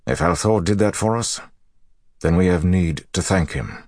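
A man voicing a grizzled older male general who talks gruffly and gravely. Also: sits low, animated, moderate pace, a little mellow, no echo, studio quality, pitched above the performer's own voice.

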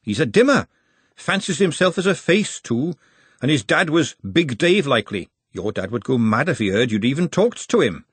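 A man's voice: mid-range voice, big pitch swings, normal speed, husky, no echo, pitched above the performer's own voice. A man voicing a sensible, bossy young working woman who talks in a firm, scolding way.

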